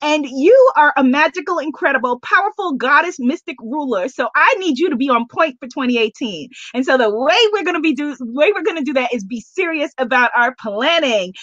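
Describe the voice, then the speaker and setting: A high-voiced woman hosts a live online call, full of cheerleading energy as she greets each viewer by name. The sound is dry and a little dull, like a webcam stream. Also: lively intonation, fairly quick, hardly any pauses, a bit bright, dry recording. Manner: effusive, cheerleading, laughs often. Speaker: host of a live planning call.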